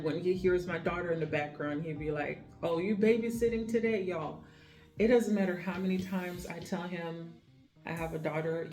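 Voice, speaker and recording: A woman's voice: low voice, darkish tone. A woman nurse chatting to her viewers in a casual vlog, telling stories about her patients and calling the audience y'all. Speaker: remote nurse vlogger. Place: home. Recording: echoey room with faint music.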